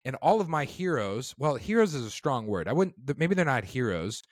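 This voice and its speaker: A man's voice: mid-range voice, big pitch swings, fairly quick, no echo, clean studio sound. A man hosting a casual Christian podcast, talking in a chatty, self-deprecating way with rambling asides, his vocal cords strained. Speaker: podcast host. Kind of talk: casual Bible-based podcast talk.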